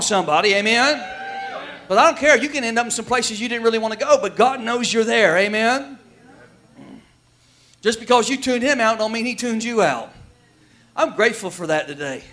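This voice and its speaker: A male pastor preaching a sermon in a folksy, emphatic way, shouting at the peaks and dropping quiet elsewhere. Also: high voice, normal speed.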